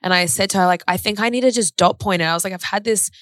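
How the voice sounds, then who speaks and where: A woman's voice: medium pitch, quick pace, fairly bright tone, no room sound. A young woman on a casual podcast, telling a personal story in a rambling way, full of fillers and acted-out bits of dialogue. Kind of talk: casual chat.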